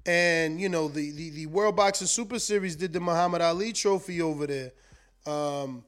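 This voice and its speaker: A man hosting a live boxing stream, talking casually, rambling and repeating words as he reads out viewer comments. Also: on the high side. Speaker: boxing show host.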